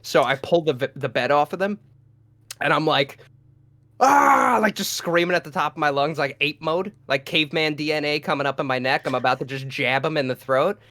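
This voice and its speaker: A young man, a podcast co-host, telling a rowdy personal story with lots of swearing and loud acted-out shouts. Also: fairly high pitch, brisk, no room sound. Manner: profane, animated, acts out his own lines in a loud voice. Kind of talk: casual storytelling.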